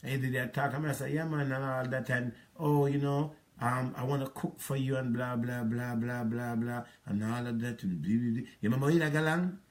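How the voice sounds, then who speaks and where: A man's voice: mid-range voice, steady tone, fairly quick, few pauses. A middle-aged man with a Jamaican accent, rambling through an aggrieved spoken account of a past relationship. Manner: rambling, aggrieved, patois-inflected storytelling. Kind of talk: monologue recounting a past relationship.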